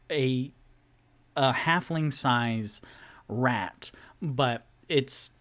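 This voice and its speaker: Casting: male solo game master, slow, rambling narration full of fillers, mid-pitched. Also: fairly bright tone. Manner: rambling, many fillers and restarts.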